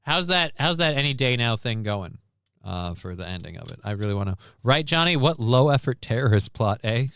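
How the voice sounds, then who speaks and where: A man's voice: mid-range voice, big pitch swings, brisk, gravelly, fairly bright tone, clear, resonant tone, dry recording, studio quality. Sarcastic, profane man ranting. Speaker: streamer host. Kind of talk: casual news commentary rant.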